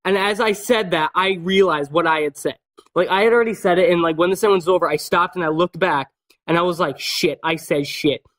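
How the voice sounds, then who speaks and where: A man in a casual vlog rattles off a childhood story at a quick clip. His voice sits a little high. He rambles, loops back on himself and drops swear words constantly. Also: fairly bright tone. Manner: many fillers and restarts. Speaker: vlogger.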